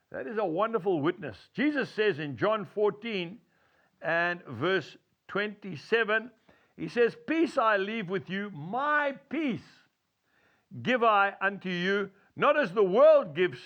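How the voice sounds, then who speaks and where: High, bright preacher. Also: male voice, muffled recording. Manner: earnest, folksy storytelling with chuckles. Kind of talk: devotional talk to camera.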